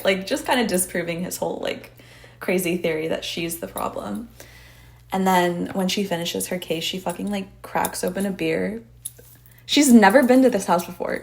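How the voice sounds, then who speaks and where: Gravelly-voiced woman rambling casually. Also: mid-range voice. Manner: rambling, heavy "like" filler, swears freely. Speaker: podcast host. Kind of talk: casual movie recap chat.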